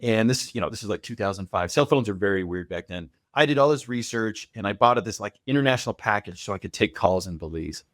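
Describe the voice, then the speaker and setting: A man of fifty speaks as a podcast guest, confident and reassuring as he tells stories. His voice is fairly low. The sound is close and dry. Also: animated, fast talker, hardly any pauses, dry recording. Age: 50s. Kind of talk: casual interview chat.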